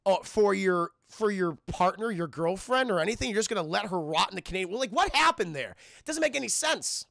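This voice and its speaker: High gravelly excitable young man. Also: brisk, few pauses, dry recording, clean studio sound. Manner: excitable, profane, acts out scenes. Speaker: film reviewer streaming to chat. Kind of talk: casual spoiler review chat.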